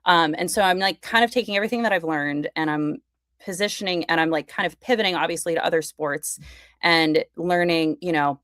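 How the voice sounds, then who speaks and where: A woman's voice: on the low side, fairly quick, fairly bright tone, no room sound, studio quality. A young woman guest on a podcast, chatting eagerly about her work, with lots of likes and you-knows. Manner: enthusiastic, chatty, many fillers. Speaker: podcast guest, fashion content creator. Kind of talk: casual conversation.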